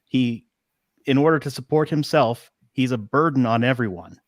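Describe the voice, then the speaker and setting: A man's voice: mid-range voice, normal speed, no room sound, clean studio sound. A man on a video call speaking earnestly about faith, in a preaching tone.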